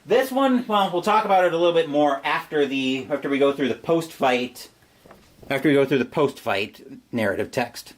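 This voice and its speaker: A man's voice: on the high side, lively intonation, moderate pace. A man playing a board game on his own and explaining each move step by step. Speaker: solo board game player. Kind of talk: board game playthrough commentary.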